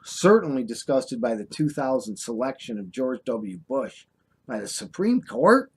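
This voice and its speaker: A man's voice: medium pitch, very animated, a little slow, husky. An older American man delivering an impassioned, scolding monologue to the camera, drawling sarcastic asides. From United States. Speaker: vlogger. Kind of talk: ranting monologue.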